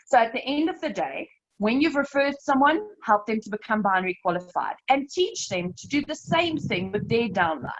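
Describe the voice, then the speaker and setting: A woman with a fairly high voice leads a live slide presentation on an online call. She explains things step by step, brisk and emphatic, and keeps turning to her listeners as "you guys". The audio is dull and lo-fi. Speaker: network marketing team leader presenting a webinar.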